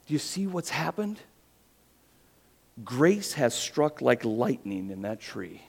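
A man preaches a sermon in a mid-range voice, walking his listeners through a story. He asks rhetorical questions and drops his voice low and quiet to land key points. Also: very animated, takes it slowly, gravelly, pauses often, breathy edge. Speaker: pastor.

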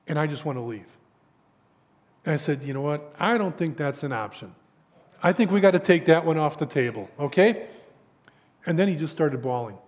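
A male pastor preaching a sermon and telling a story, with halting repetitions and a hushed voice for emphasis. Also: high voice, in a large hall. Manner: halting, repeats words often, drops to a hushed voice for emphasis.

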